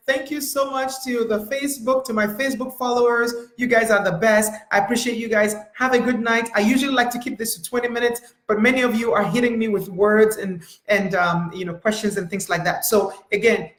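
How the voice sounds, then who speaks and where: A middle-aged woman therapist hosting a live-streamed motivational talk, speaking emphatically and repeating herself as she addresses viewers directly. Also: medium pitch. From United States. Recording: echoey room.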